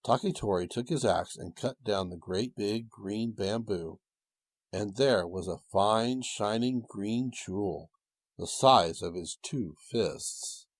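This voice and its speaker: A man tells an old tale in a gentle, old-fashioned cadence. His voice is low and slightly husky. The recording is dry and close, with no room around it. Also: slow pace, no echo. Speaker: storyteller. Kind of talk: storybook narration.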